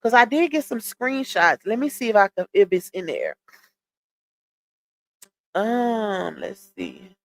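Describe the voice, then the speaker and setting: A woman's voice: mid-range voice, big pitch swings, takes it slowly, gravelly, long pauses. A woman hosting a casual livestream, chatting with viewers, reading comments aloud and laughing often. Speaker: livestream host.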